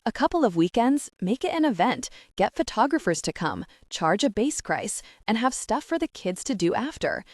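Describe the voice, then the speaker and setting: A woman narrating a first-person romance audiobook in an expressive reading, recorded close on a studio mic. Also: on the high side, moderate pace, hardly any pauses, dry recording.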